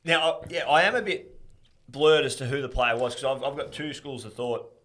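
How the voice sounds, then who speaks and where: An Australian man, a former pro footballer, telling animated stories with frequent laughter as a podcast guest. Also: mid-range voice, brisk. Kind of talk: casual podcast storytelling.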